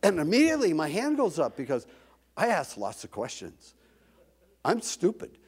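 A man preaching a sermon, reading scripture dramatically and telling a lively personal story. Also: fairly high pitch, normal speed, breathy edge.

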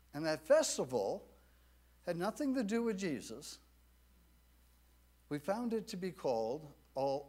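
Male pastor, slow deliberate delivery, animated pitch. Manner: slow, measured preaching with lively rises and falls. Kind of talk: sermon.

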